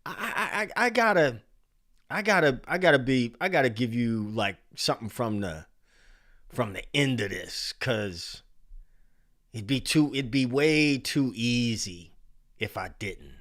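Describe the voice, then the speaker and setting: A man in his forties hosting a casual livestream, reading chat names aloud in an animated way. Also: medium pitch, measured pace. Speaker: livestream host.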